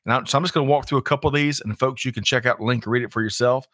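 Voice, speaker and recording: Bright folksy host. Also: male voice, mid-range voice, fairly even intonation, racing, no room sound, studio quality. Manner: folksy, reads out audience greetings. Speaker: livestream co-host. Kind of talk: casual live show chat.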